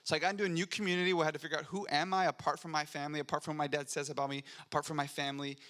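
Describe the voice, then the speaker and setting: A man's voice: on the high side, level tone, very fast, fairly bright tone. A young adult man preaching a sermon in a church, conversational and earnest, rising to fervent emphasis. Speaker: pastor. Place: church sanctuary.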